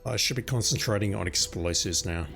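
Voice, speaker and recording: A man streaming a video game, hoarse and losing his voice, planning his moves aloud as he plays. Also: on the low side, fairly quick, a bit bright, soft background music. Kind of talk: gaming commentary.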